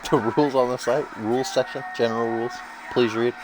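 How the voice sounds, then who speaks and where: A man's voice: medium pitch, steady tone, fast, music in the background, poor audio. Joking young man calling a wrestling game. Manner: joking, profane, hype-announcer delivery. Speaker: host and play-by-play commentator. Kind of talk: casual wrestling game commentary.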